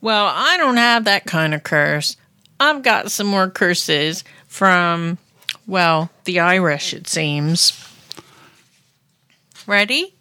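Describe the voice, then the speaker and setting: A woman's voice: on the low side, lively intonation, slow pace, sharp tone, clear, resonant tone, no echo. A woman in her fifties co-hosting a podcast, chatting casually, teasing and reading aloud. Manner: teasing, playful, reads aloud. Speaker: podcast co-host. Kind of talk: casual chat.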